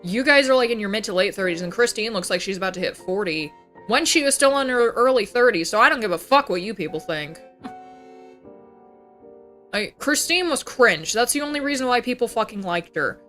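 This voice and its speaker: A woman's voice: a little high, expressive, a little fast, a bit bright, soft background music. A young woman streaming as a VTuber, ranting in a casual, profane, heated way and slipping into mocking voices. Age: young adult. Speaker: VTuber livestreamer. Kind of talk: casual ranting livestream chat.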